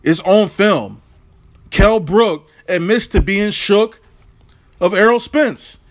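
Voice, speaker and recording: A man's voice: sits high, slow pace. Brash, profane man ranting. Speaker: boxing commentator, channel host. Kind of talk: opinionated vlog rant.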